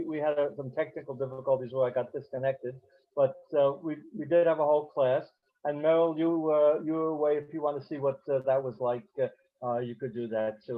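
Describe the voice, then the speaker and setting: A man teaching a beginner class over a video call, talking haltingly with many fillers and restarts. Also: a little high. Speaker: Hebrew teacher. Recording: dull lo-fi call audio.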